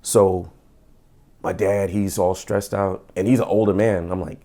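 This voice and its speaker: A middle-aged man, a former police officer, telling his story as a podcast guest in casual, animated talk, acting out quotes with stammering restarts. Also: sits low, unhurried.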